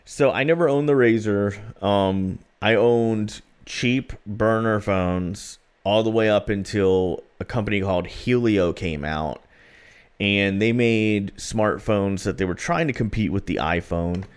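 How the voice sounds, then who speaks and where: A man's voice: lowish voice, takes it slowly, clear, resonant tone. A man co-hosting a podcast, chatting casually and telling rambling stories with plenty of fillers. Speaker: podcast co-host.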